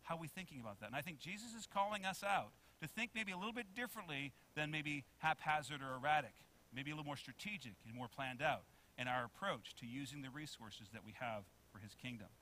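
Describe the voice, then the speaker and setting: A pastor preaching with a bright, somewhat high voice. He keeps asking the congregation to read along and answer. He drops from loud emphasis to soft, low asides. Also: lively intonation, quick pace, a little hiss or hum. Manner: preaching with many questions to the congregation. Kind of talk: sermon.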